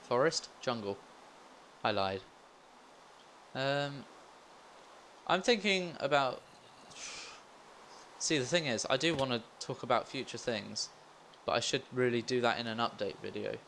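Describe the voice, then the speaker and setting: A young man chats his way through a gameplay session. He drifts between thoughts, answers his own questions and pokes fun at himself. His pitch sits in an ordinary middle range, and faint noise hangs behind the voice. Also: measured pace, vocal fry, long pauses, fairly bright tone. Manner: rambling, self-mocking asides. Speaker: let's play gamer. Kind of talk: casual gameplay commentary.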